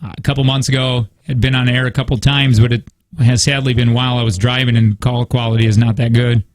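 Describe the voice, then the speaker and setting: A male radio co-host talks fast and playfully in the studio. He teases his partner and reads listener comments aloud in easy, casual banter at a medium pitch. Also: flat delivery.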